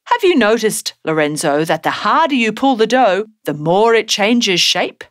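A woman's voice: medium pitch, big pitch swings, moderate pace, no room sound, clean studio sound, pitched above the performer's own voice, close to an everyday voice. A woman voicing a cheerful, encouraging dad who is teaching his young son. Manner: encouraging, praising.

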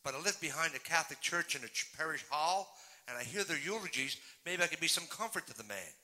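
A man's voice: a little high, lively intonation, fast, pushed and bright, low-quality recording. A man playing a small, earnest middle-aged male bystander who speaks politely in a joke.

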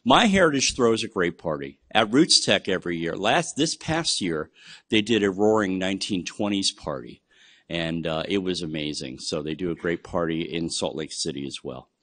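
A man's voice: deep voice, animated, moderate pace, fairly bright tone. Chatty man giving a genealogy webinar. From United States. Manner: chatty, enthusiastic, with frequent fillers. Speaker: genealogy presenter. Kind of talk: webinar lecture on research methods.

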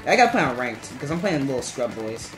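A man's voice: big pitch swings, fast talker, a bit bright. Rambling male gamer in an echoey room. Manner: rambling and playful, chanting "garbage" in sudden high squeals. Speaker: game streamer. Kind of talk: casual live-stream commentary while gaming. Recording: echoey room with faint game music.

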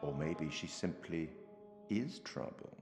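An actor playing an enigmatic male curator in a video game, speaking in a measured, musing, theatrical way. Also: very deep voice, animated, heavily acted. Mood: brooding. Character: enigmatic older male curator, wry and sinister. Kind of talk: video game character dialogue. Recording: roomy reverb with music.

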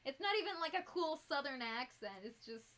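A high, bright-voiced woman with a Northern US accent, chatting on a live stream as she crafts. She is bubbly and giggly and talks straight to her viewers in a casual, friendly way. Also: animated, a little fast. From United States. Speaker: fursuit maker streaming live.

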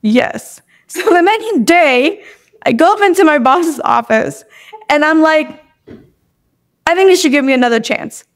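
Expressive and high-sitting, this young woman's voice keeps a measured pace as she guests on a podcast. Her personal story comes out candid and emotional, with tearful moments and many "like"s.

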